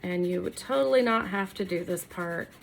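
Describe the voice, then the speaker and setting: A woman's voice: on the low side, normal speed, vocal fry, background noise. A middle-aged woman chatting casually while she paints and works in her home workroom, self-deprecating and talking to the camera as she goes. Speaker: furniture makeover creator. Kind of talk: casual DIY tutorial chat.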